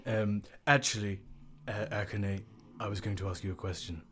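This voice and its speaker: A man voicing a gormless, hunky teenage boy dancer with a put-on Cockney accent, talking slow and dopey in a tabletop game. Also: on the low side, fairly even intonation, fairly bright tone, slight background noise, voice pushed down, natural voice. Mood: hesitant.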